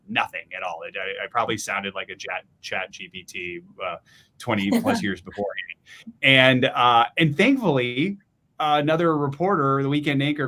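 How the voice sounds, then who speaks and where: A middle-aged man speaks on a panel about his reporting career in a reflective, earnest way. His voice sits fairly low but has a bright, forward tone. He often restarts his sentences as he thinks. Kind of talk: casual panel discussion.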